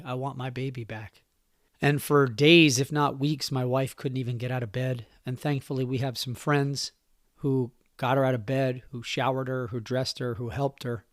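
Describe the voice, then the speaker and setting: A man's voice: mid-range voice, dry recording. Somber man in his forties, dry sound. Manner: somber, halting, emotional. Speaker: podcast host. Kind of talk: personal storytelling monologue.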